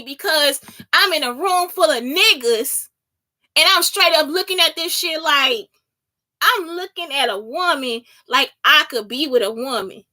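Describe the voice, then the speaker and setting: In a high, bright voice, a woman gives a casual solo podcast monologue. She gets heated and profane, repeatedly asking her listeners whether they understand.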